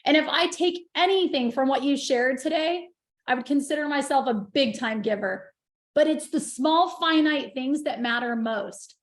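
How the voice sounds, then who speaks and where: Woman, high voice, gushing and passionate, video call in an echoey room. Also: normal speed. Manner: gushing, passionate, wells up with emotion. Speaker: guest on a group video call. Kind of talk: emotional casual sharing.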